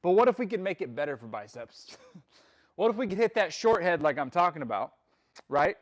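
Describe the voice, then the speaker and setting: Man, fitness coach, live-stream chat, high voice, upbeat, laughs a lot, repeats for emphasis. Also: sing-song, a little fast. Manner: upbeat, greets viewers and answers chat comments.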